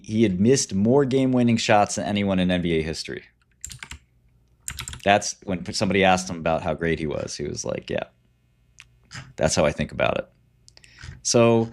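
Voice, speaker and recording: Low-pitched guy streaming, blunt and offhand, trading talk. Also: darkish tone. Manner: blunt, offhand, advice-giving. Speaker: livestream host and trader. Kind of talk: casual livestream chat.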